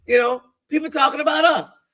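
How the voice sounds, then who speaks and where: A woman co-hosting a church talk show, talking about faith with a preaching edge. Her voice is bright and forceful, and her delivery is animated and emphatic. She repeats phrases for emphasis and acts out the voices in her head. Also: high-pitched, a little fast.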